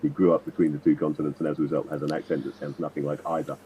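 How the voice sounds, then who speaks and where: A man's voice: extremely low pitch, flat delivery, rapid-fire, mellow. A man at a tabletop game, chatting casually and explaining his characters in rambling, self-correcting asides. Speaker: tabletop player. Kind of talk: casual chat. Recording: dull lo-fi sound, faint noise.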